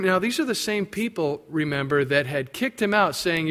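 High-voiced man preaching a sermon. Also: lively intonation, normal speed, few pauses. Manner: expository preaching, acting out biblical quotes in raised voices; drops low and quiet for emphasis. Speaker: pastor.

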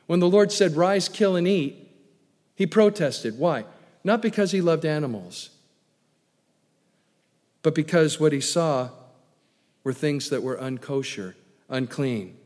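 A man preaching a sermon as pastor, swinging from booming emphasis to low asides. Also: lively intonation, unhurried, long pauses. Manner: preaching with wide swings in loudness, booming then dropping low. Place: church sanctuary. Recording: long reverb of a large hall.

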